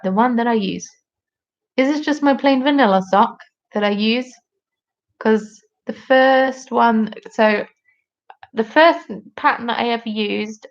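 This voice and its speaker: A woman's voice: medium pitch, creaky, muffled recording. A British woman from the UK, hosting a casual live stream with a chatty, jokey, rambling manner. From United Kingdom.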